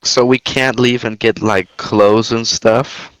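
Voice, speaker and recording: A man's voice: mid-range voice, fairly even intonation, slow, a bit bright, no room sound, poor audio. A man taking part in a tabletop game as a player, talking in a wry, laid-back way. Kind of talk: playing a character in a tabletop game.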